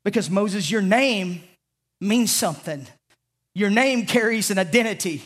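A Southern pastor with a high voice and a measured pace preaches fervently to his congregation in the church sanctuary. His accent is distinctly Southern, and he moves from booming proclamations to quiet, hushed moments.

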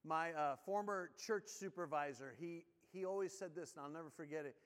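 A man preaching a sermon as pastor, telling stories with lively energy and dropping low and slow when he reads scripture. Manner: animated storytelling, drops low and slow when reading scripture. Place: church sanctuary. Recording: long reverb of a church hall.

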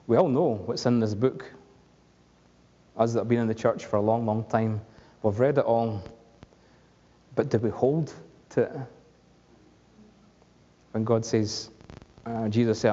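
A man's voice: mid-range voice, unhurried, long pauses, mellow, husky. A man preaching a conversational sermon, asking the congregation questions along the way. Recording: dull lo-fi recording with long hall reverb.

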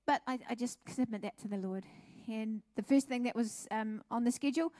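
A woman's voice: on the high side, fairly quick, no echo, studio quality. Chatty woman sharing a church testimony. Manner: chatty, animated storytelling with laughs. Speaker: pastor's wife giving testimony. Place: church service.

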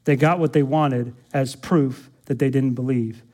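A man's voice: medium pitch, steady tone, unhurried, a little mellow. A man pastor preaching an expository sermon, emphatic, repeating words and putting rhetorical questions to the congregation.

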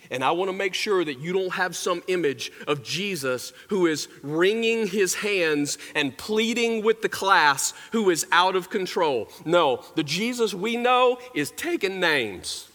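A man's voice: high voice, lively intonation, a little slow, hardly any pauses, sharp tone. A man preaching a sermon in a church, telling stories and talking straight to the congregation. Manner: storytelling, talks straight to the congregation. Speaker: pastor. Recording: echoey large hall.

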